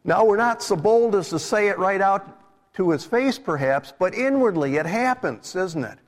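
A man's voice: high voice, animated, moderate pace. A middle-aged man, a minister, preaching a live sermon in a church in a conversational way, putting questions to his congregation. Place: church sanctuary. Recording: live church recording with long hall reverb.

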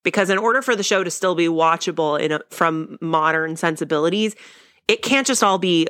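Young woman podcaster, lowish voice, dry close sound, chatty and wry. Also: brisk, fairly bright tone, no room sound. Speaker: podcast host. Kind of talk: casual podcast episode recap.

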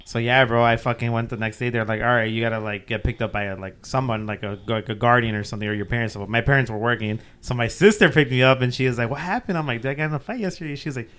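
A man's voice: mid-range voice, fairly even intonation, fast, hardly any pauses, fairly bright tone, clear, resonant tone. A young man on a podcast, casually telling a story, swearing freely, laughing often and acting out what people said. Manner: loose, profane, laughs often, acts out quotes. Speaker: podcast co-host.

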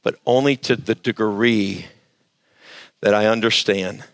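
A pastor preaching to a live church service, emphatic and quizzing the congregation for answers. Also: male voice, on the low side, steady tone, measured pace, gravelly, a bit bright. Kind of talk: sermon.

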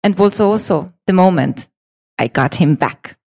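A woman giving a storytelling speech on stage, swinging between hushed pauses and excited pleading, with repetitions. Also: lowish voice, vocal fry, a little hiss or hum. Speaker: speaker presenting a personal story.

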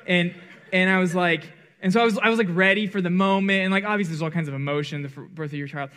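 A man leading worship who tells a rambling, self-deprecating story full of "like" fillers and restarts, acting out quoted lines with sudden jumps in pitch. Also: fast, sharp tone, smooth. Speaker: worship leader. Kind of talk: storytelling before a song in a church service.

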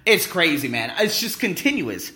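A man talking in a casual vlog monologue, excitable, boastful and full of swearing, as an English teacher vlogger. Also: a little high, moderate pace, roomy sound.

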